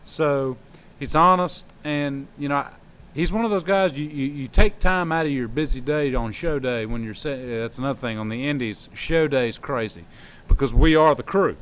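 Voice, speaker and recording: A man's voice: medium pitch, normal speed, a bit bright. A man hosting a wrestling podcast, telling long joking stories in casual chat. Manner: rambling, joking storyteller.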